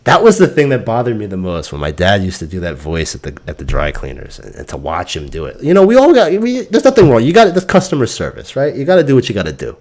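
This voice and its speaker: Profane, animated man ranting casually. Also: on the low side, quick pace, few pauses. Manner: ranting, exasperated. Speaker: crypto stream host. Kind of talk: casual rambling monologue.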